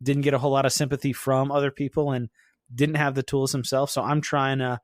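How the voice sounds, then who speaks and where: A man hosting a podcast in casual conversation, relaxed and reflective. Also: mid-range voice, fairly quick, no echo, studio quality. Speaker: podcast host.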